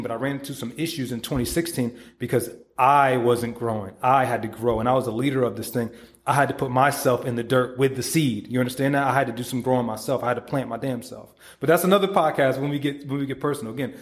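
A man in his thirties hosting a motivational podcast, swearing freely and preaching with energy, often acting out quoted voices. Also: mid-range voice. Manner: profane, animated, preachy, acts out quoted voices. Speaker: podcast host and supplement company founder.

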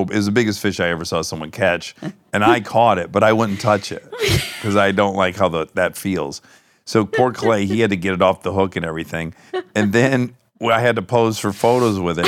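A male podcast host in casual chat, telling lively stories and swearing freely. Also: lowish voice, dry recording. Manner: animated storyteller, swears freely.

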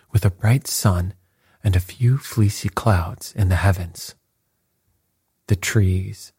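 A man narrating a story in a slow, measured way, with a husky voice. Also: deep voice, darkish tone, no echo, clean studio sound. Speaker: audiobook narrator. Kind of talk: scripted narration.

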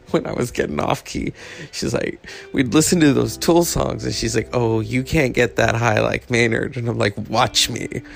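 A man with a gravelly, fry-tinged voice at a mid pitch hosts a podcast. He talks in a reflective, unhurried way, like someone telling stories as a casual tribute. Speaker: podcast host.

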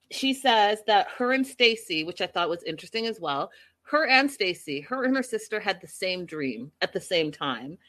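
A woman's voice: lowish voice, fairly bright tone. A woman recapping a reality show episode for her viewers in a casual, gossipy, incredulous way.

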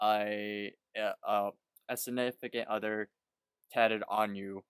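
A man with a low, smooth and resonant voice co-hosts a podcast in a relaxed, loose way and swears freely. His voice sounds dry and close, with little room sound. He is chatting casually with a friend. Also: slow pace, no echo. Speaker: podcast co-host. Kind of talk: casual chat.

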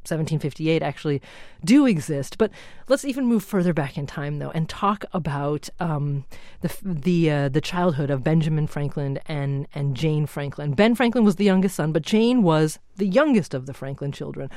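A woman's voice: sits low, animated, moderate pace, warm tone, dry recording. A woman hosting a public radio interview in a studio, talking conversationally with some fillers and restarts. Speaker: radio show host.

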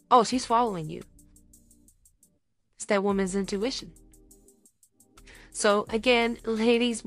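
A young woman co-hosting a studio podcast, lively and animated as she acts out quick scenes. Her voice sits at a middle pitch, recorded close and dry with faint music underneath. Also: dry recording. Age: young adult. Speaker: podcast co-host. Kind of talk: casual podcast chat.

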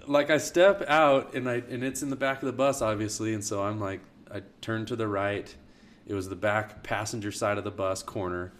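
A man's voice: lowish voice, steady tone, moderate pace, a little hiss or hum. A young man casually telling a long, funny personal story on a podcast. He laughs often and restarts his sentences a lot. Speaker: storyteller guest.

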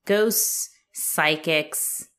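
A woman's voice: low voice, very slow, a bit bright. A woman co-hosting a casual movie chat, talking loosely with many fillers and swearing. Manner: chatty, filler-heavy, profane, laughs often. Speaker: podcast co-host.

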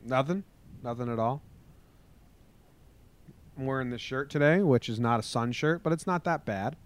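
A man's voice: mid-range voice, moderate pace, no echo. Joking, loose-talking podcast man. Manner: loose, joking, swears casually. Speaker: podcast co-host. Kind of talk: casual podcast chat and news rundown.

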